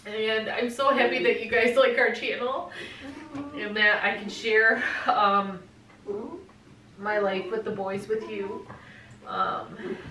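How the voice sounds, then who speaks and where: A woman's voice: mid-range voice, steady tone, slow pace, pauses often, recorded from a distance, slight background noise. Effusive woman vlogging, slightly off-mic. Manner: effusive, often drops to a hushed whisper. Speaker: pet vlogger. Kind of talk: casual vlog, unboxing gifts. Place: bedroom at home. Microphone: camera mic. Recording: roomy home audio, slightly off-mic.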